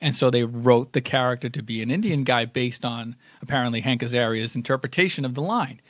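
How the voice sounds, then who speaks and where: Male podcast co-host, mid pitch, dry close sound, casual and reflective. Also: a little fast, no room sound. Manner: thoughtful, many restarts, explains at length. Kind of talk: casual chat.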